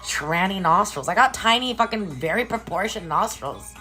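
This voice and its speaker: A woman live streaming from a hotel room, ranting casually and profanely to her viewers in an incredulous, animated way. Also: mid-range voice, normal speed, faint music behind. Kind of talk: casual chat.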